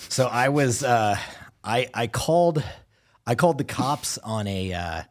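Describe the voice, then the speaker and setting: A man co-hosting a casual podcast, swearing often as he tells a rambling, animated story. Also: mid-range voice, measured pace. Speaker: podcast co-host.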